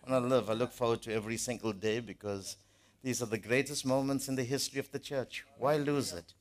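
A man's voice: mid-range voice, steady tone, fairly quick. A man preaching a sermon to his congregation, earnest and emphatic, often repeating words as he builds a point.

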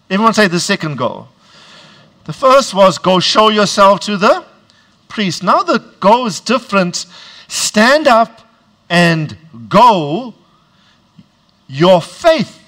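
This is a sermon from a preacher with a rather high voice and a deliberate, stretched-out delivery. He calls to the congregation and gets their responses, escalating to shouted emphasis on key words.

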